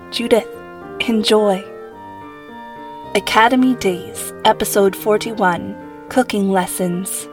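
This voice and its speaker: A woman host narrating her own fiction in a calm, measured storybook manner. Her voice sits mid-range. The recording is dry and close. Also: medium pitch, no room sound. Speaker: podcast host and author.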